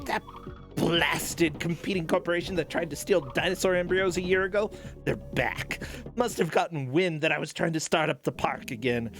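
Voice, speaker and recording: A man voicing a genteel, fussy elderly park founder, reading a letter in a pompous old-fashioned way. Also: sits high. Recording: game music playing behind.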